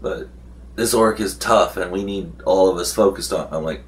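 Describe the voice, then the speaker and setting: A man's voice: sits low, normal speed, slight background noise. A young man casually recapping a tabletop role-playing session, rambling with fillers and restarts and acting out what the players said. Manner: acts out the game master's and players' lines.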